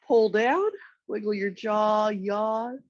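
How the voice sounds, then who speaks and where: A woman's voice: medium pitch, no echo, lo-fi sound. Congested woman guiding a yoga session. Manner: slow, calm step-by-step cues. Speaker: yoga instructor. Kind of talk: guided yoga instruction. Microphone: external mic nearby.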